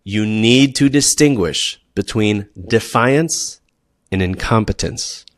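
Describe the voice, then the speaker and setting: A man's voice: fairly low pitch, slow, dry recording. Emphatic PE teacher man, very dry sound. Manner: emphatic, checks in with frequent "okay?"; animated, acts out students and teachers. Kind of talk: presenting teaching tips.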